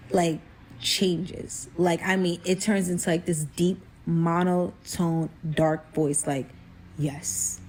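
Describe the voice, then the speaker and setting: A young woman telling a personal story in casual storytime style, full of fillers, acting out quotes with big jumps in pitch and dropping to a whisper at tense moments. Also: a little mellow, a little hiss or hum. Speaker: storyteller vlogger.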